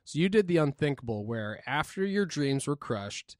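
A man's voice: on the high side, sing-song, normal speed, dry recording, studio quality. Playful rambling podcast host, man. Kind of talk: casual podcast chat.

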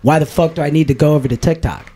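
A podcast co-host rambles through a casual chat, blunt and profane, wandering from thought to thought with a slightly raised voice. It's fairly high in pitch but dark in tone, slightly rough, and he races along.

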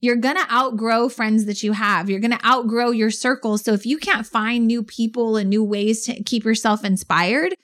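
A woman co-hosting a casual podcast chat, telling stories in an animated, emphatic way. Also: a little high, normal speed, few pauses. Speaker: podcast co-host.

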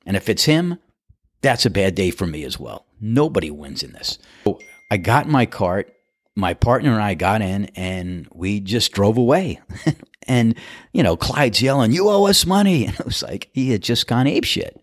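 A man casually telling a golf anecdote, animated and laughing as he acts out the other players' lines. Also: lowish voice, normal speed, no echo, studio quality.

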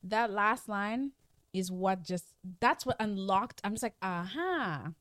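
A woman's voice: medium pitch, a little slow, a bit bright, no echo, studio quality. A woman co-hosting a podcast, chatting casually and playfully teasing while recapping a book. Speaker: podcast co-host. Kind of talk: casual book-club chat.

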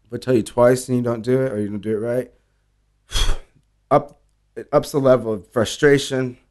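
A man's voice: mid-range voice, moderate pace. A man talking casually in an interview, telling bar stories with lots of swearing and acting out quoted dialogue. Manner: animated storyteller, acts out quoted dialogue, swears freely. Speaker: bartender guest.

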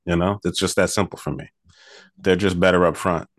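A man's voice: deep voice, fairly even intonation, fairly quick, no echo, clean studio sound. A man co-hosting a sports betting podcast, giving confident, analytical football picks in casual talk.

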